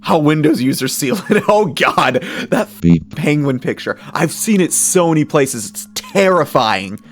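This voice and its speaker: A young man giving casual, chatty commentary as he reacts to memes, with frequent laughs and animated asides. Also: fairly high pitch, moderate pace, soft background music.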